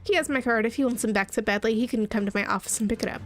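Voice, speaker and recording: A woman's voice: on the high side, racing, faint music behind, lightly acted. A woman voicing a polite male robot detective in a game, with a dry, matter-of-fact delivery.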